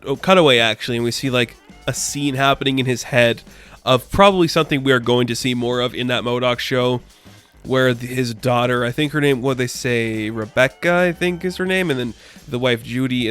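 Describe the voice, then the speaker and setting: Man, casual comic recap, rambling, filler-heavy, mid-pitched voice, faint music underneath. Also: a little fast, smooth, dry recording. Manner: rambling, animated, many filler "like"s. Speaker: comic book reviewer.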